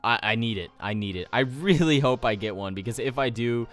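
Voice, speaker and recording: A man's voice: mid-range voice, expressive, a little fast, fairly bright tone, soft background music. A young adult man giving casual gameplay commentary, rambling with jokey asides. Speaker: let's play host.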